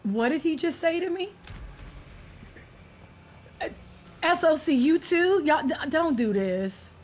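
A woman's voice: high-pitched, animated, slow, slight background noise. A woman streaming a game, bantering playfully with a teammate and greeting viewers in casual chat. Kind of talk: casual livestream gaming chat.

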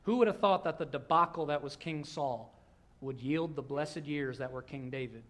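A male pastor, preaching a sermon in a church with a conversational manner that swings between hushed and loud. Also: a little high, moderate pace. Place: church sanctuary.

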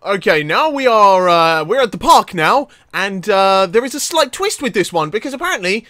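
A man doing let's play commentary, excitable, yelping and laughing at the action on screen. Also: sits high, normal speed. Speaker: gaming commentator.

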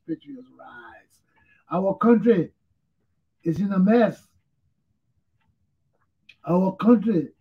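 A man's voice: sits high, slightly rough, muffled recording. A male talk show host, tired and yawning, giving blunt, repetitive commentary on his own. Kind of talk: casual solo commentary.

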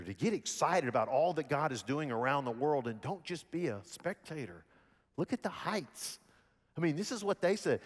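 A man with a Southern American accent from Alabama, preaching a sermon in a folksy storytelling manner with lively voiced quotes. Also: medium pitch, long reverb tail. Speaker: pastor. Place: church sanctuary.

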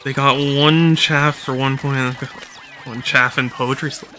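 A man's voice: mid-range voice, steady tone, unhurried, bright, forceful tone, slight background noise. Tired, rambling man streaming a game. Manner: rambling, many fillers and restarts. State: tired, yawning. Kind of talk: casual live-stream commentary.

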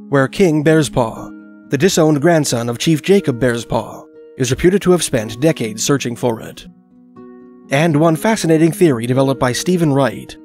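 Here a mid-range male voice narrates a documentary from a script, keeping the storytelling steady and measured.

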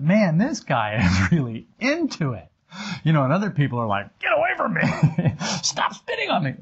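Lively husky-voiced man teaching a group. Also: on the high side, lo-fi sound. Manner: acts out little dialogues, self-mocking humor. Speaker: esoteric teacher. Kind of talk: animated talk to a small group. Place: meeting room with a live audience.

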